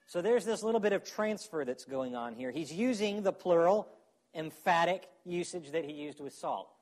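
A man's voice: fairly high pitch, animated, moderate pace. A man preaching a sermon in a conversational way, often checking in with his listeners. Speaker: pastor.

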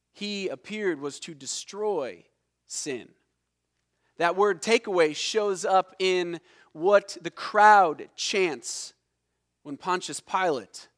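A man preaching a sermon, explaining word meanings deliberately and emphatically, dropping low and soft on key words. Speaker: pastor.

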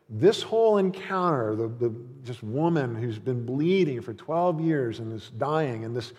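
A man's voice: mid-range voice, a little mellow, breathy edge. A man preaching a sermon as pastor in a church, earnest and conversational, with frequent fillers and restarts. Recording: long reverb of a church hall.

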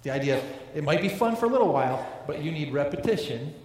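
In a large church hall, a pastor preaches a sermon earnestly, tending to repeat words and restart sentences. His voice is fairly high, a little mellow, and animated at a quick pace, with the hall's long reverb echoing around him.

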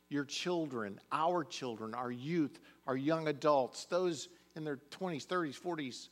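A middle-aged male pastor delivering a sermon with a mid-range voice. He speaks in an earnest, heartfelt way. His tone moves from hushed confession to fervent prayer. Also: mid-range voice, unhurried. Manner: earnest personal storytelling, swinging between hushed and rising prayer.

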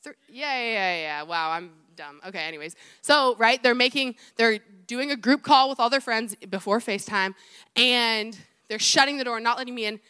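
A young adult woman, an assistant youth pastor, preaching a sermon in a chatty, animated way full of personal stories and self-mocking asides. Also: on the high side, moderate pace, smooth.

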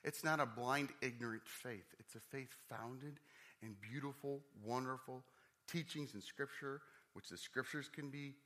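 A man preaching a sermon as pastor, conversational with asides, swinging from quiet reflection to excited, animated emphasis. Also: mid-range voice, a little slow.

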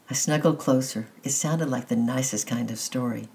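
A gentle reader narrates a children's novel aloud, chapter by chapter. The voice is dark and mellow, with a gravelly texture. The reading is calm and unhurried, and the reader signs off with affection. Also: mid-range voice, rough recording. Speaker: storybook reader.

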